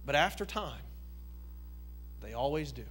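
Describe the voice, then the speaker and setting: A man preaching plays an older father, a seasoned tradesman who speaks calmly and gently scolds his son. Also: medium pitch, a little slow, husky, pitched below the performer's own voice. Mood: knowing. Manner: calm, knowing, gently reproving. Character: wise old male business founder, fatherly.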